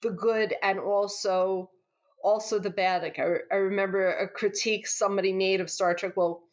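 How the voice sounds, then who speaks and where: A woman's voice: mid-range voice, normal speed. Chatty, laughing woman comedian. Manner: animated, chatty, laughs often, restarts words. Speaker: guest, stand-up comedian. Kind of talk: casual interview chat. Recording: slightly dull, lo-fi sound.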